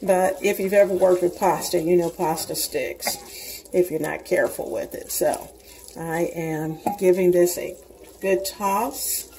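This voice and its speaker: Slow-talking older woman home cook. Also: lowish voice, fairly even intonation, mellow, a little hiss or hum, low-quality recording. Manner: chatty, homey, talks straight to viewers. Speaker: cooking channel host. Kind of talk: casual cooking demonstration. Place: home kitchen.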